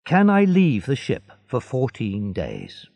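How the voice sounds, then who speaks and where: A man voicing a polite, eager young seaman in a slow storybook reading. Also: mid-range voice, wildly swooping pitch, vocal fry, a little mellow, no room sound, full character voice. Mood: earnest.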